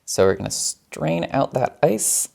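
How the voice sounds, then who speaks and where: A man's voice: a little high, very animated, measured pace, gravelly, darkish tone. A man hosting a home cocktail show, chatting playfully as he mixes and tastes drinks and laughing often. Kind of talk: casual cocktail demo.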